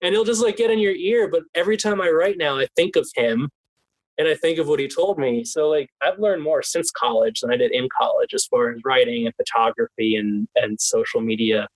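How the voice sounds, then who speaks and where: Young adult male guest, mid-pitch, lively, chuckling through his answers, dry and close. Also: a little fast, no echo, rough recording. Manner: animated, laughs often, restarts. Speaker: guest, team PR specialist. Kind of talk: casual interview chat.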